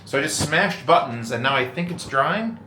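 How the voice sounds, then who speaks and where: A man's voice: a little high, lively intonation, normal speed, bright, forceful tone, a little hiss or hum. Profane, rambling man vlogging casually. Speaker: vlogger host. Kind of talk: casual vlog chat. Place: hotel room.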